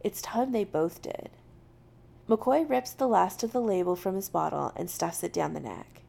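A woman reading a piece of fiction aloud in a steady, matter-of-fact way. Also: medium pitch, normal speed, vocal fry. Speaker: reader.

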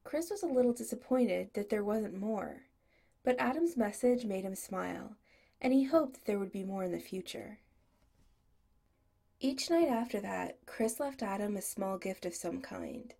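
A woman's voice: mid-range voice, expressive, measured pace, gravelly, dark tone. A woman narrating a story as an audiobook reader, giving each character a voice. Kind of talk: audiobook reading.

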